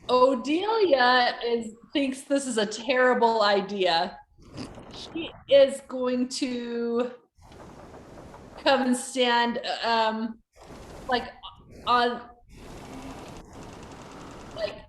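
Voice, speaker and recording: A woman's voice: a little high, very slow, pauses often, echoey room, a little hiss or hum. A woman playing a tabletop game, describing her character hesitantly with many fillers. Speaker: player. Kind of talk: tabletop role-play.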